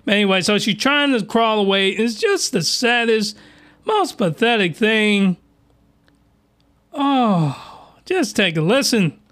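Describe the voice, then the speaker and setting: A man hosting a podcast, giving crude, animated reaction commentary that often rises into excited yelling. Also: high-pitched, slow pace. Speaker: podcast host.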